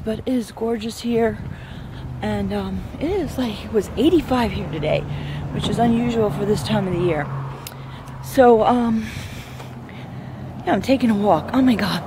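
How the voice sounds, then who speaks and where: The background is noisy as a woman vlogger with a fairly high voice walks uphill on a neighborhood trail, a little out of breath. She talks casually and chattily, rambling and easily awed as she gushes about the views. She uses a handheld camera that sometimes turns away from her.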